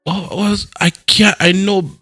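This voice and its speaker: A man's voice: high-pitched, fairly even intonation, slow pace, bright, forceful tone. A man with a Jamaican accent chatting in character, playful and hesitant, breaking into snatches of old folk songs. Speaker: role-play player. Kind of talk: in-character casual chat.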